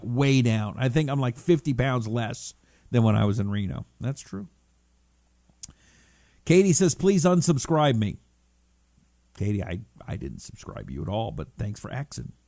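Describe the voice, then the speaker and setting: A man's voice: mid-range voice, darkish tone, no echo, studio quality. A middle-aged man hosting a casual talk stream, reading viewer comments aloud and riffing on them in a chatty, rambling way. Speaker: talk show host.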